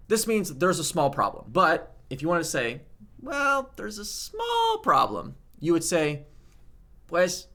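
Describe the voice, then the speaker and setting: A man with a fairly high, bright voice teaches grammar in a casual video lesson. He explains with loose, animated energy and keeps checking in with the viewer. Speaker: language teacher.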